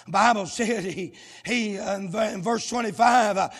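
Man, chanting revival preacher, gasped "uh" between phrases, high voice, long church echo. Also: slightly rough. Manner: drawn-out shouted phrases. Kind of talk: shouted revival sermon. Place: church sanctuary.

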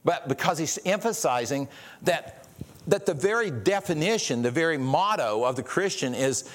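A man's voice: a little high, animated, moderate pace. A man preaching a sermon, earnest, often restarting and repeating words and asking rhetorical questions. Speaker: pastor.

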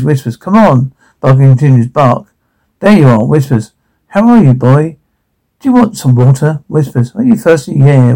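A man reading a zombie game's captions and dialogue aloud, naming the sound cues in a flat, matter-of-fact way. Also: mid-range voice, vocal fry, rough recording.

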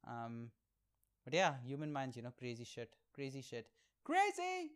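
His voice is medium-pitched, steady, smooth and a bit bright, moving at a normal speed. He's a podcast host and aspiring comedian from India, in his 20s, candidly recounting crude, self-deprecating tales alone on the mic.

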